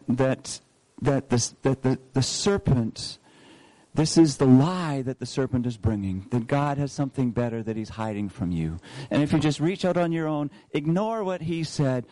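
A man with a mellow, warm voice preaches a sermon. He walks through scripture, pausing to ask rhetorical questions and hammering home key phrases. The recording is close and dry, with no room sound. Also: medium pitch, no room sound.

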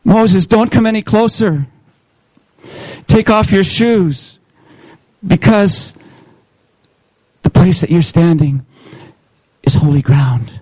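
A man, a pastor, voicing God speaking from a burning fire, slow and authoritative, in a low mellow voice. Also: slightly rough, no echo, exaggerated voice, poor audio. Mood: commanding.

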